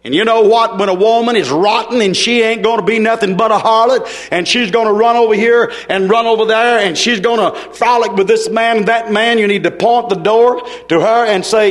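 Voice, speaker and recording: High-voiced fiery preacher. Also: male voice, brisk, hardly any pauses. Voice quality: folksy, emphatic, swinging between soft asides and forceful declarations. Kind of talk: fiery sermon.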